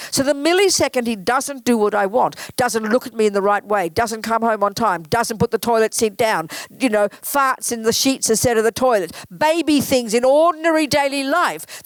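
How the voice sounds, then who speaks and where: Lady buddhist teacher, casual dharma talk, pretty high voice, super dry, says it straight. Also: no room sound. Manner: emphatic, frank and conversational.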